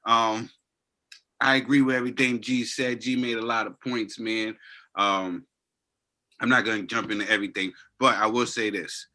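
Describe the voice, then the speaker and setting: A man's voice: on the low side, fairly even intonation, normal speed, bright, forceful tone. A man co-hosting a boxing podcast, chatting casually with playful catchphrases and call-outs to viewers. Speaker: podcast co-host. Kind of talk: casual chat reacting to a documentary.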